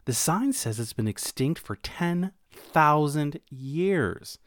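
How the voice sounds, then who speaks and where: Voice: mid-range voice, animated, slow pace, no room sound, clean studio sound. A storyteller voicing a shy, thoughtful young male mouse in a children's storybook. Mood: earnest. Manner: gentle, earnest.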